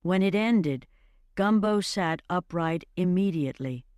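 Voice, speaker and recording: A narrator reading a fantasy story slowly and evenly, in a scripted storybook style. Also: medium pitch, clean tone, no echo, clean studio sound. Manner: slow, measured and even.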